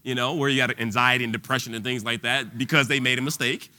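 A man's voice: mid-range voice, steady tone, quick pace, bright, forceful tone. A man preaching an informal sermon in a conversational way, full of restarts and fillers, at times rising to bold declarations.

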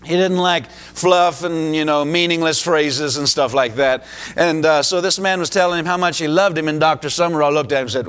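A man's voice: fairly high pitch, fairly quick, a bit bright, smooth. A man from the United States preaching a sermon as pastor, emphatic, with rising exclamations.

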